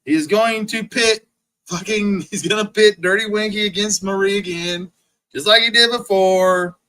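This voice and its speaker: A man's voice: high-pitched, normal speed, pushed and bright, rough recording. A man ranting profanely on his livestream, mocking rivals over and over and answering chat comments. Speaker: livestream host.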